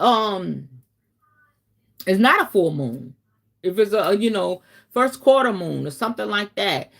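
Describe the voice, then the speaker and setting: A woman with a somewhat low voice hosts a relaxed teaching stream. She talks directly to her viewers in an easy, chatty way. Now and then she breaks into dramatic, animated asides. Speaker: host, spiritual teacher. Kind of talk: casual livestream teaching.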